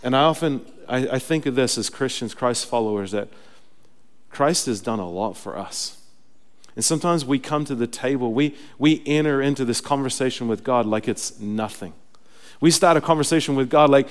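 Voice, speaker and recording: A man's voice: medium pitch, brisk. A young adult male pastor preaching a sermon, telling stories casually and then building to emphatic preaching. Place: church sanctuary. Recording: long reverb of a church hall.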